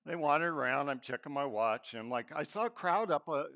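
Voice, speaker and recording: A man preaching a Palm Sunday sermon in church, telling stories and acting out quotes, sometimes dropping to a hushed voice. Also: on the high side, lively intonation, fairly quick. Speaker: pastor.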